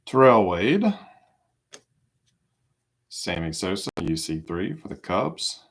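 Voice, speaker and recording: A man hosting a live trading card break, calling out each card in a relaxed, casual way with small asides. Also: deep voice, slow, creaky, slight background noise.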